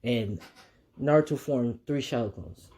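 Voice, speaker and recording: A man's voice: medium pitch, a little slow, mellow. A man casually retelling a fan story, rambling with many fillers and restarts.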